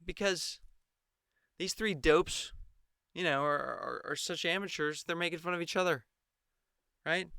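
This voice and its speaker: A man picks apart a debate in a mocking, sarcastic tone, and he takes his time with it. His voice is a touch high and smooth, and the recording is close and dry. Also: a little slow, long pauses, pushed and bright, dry recording. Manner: mocking, mimics the anchors in exaggerated voices. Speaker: political commentator. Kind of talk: sarcastic solo commentary.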